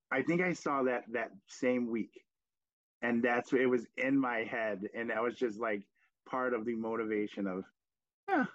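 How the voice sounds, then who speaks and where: A man hosting a casual podcast chat, telling reflective stories in an animated way. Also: medium pitch, dry recording. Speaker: podcast host. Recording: dry, dull lo-fi sound.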